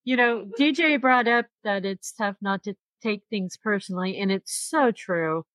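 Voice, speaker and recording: A woman's voice: medium pitch, normal speed, fairly bright tone, no echo. A woman who hosts a podcast, speaking frankly and with exasperated rhetorical questions in a roundtable discussion. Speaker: podcast host.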